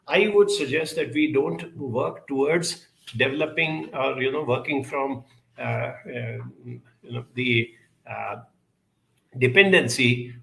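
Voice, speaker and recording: A man giving advice on relationships and emotions to an audience, speaking in a measured, earnest way and building up lists with frequent pauses and fillers. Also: mid-range voice, gravelly, a bit bright. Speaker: speaker answering audience questions. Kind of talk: advisory talk on relationships and emotions. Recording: echoey room.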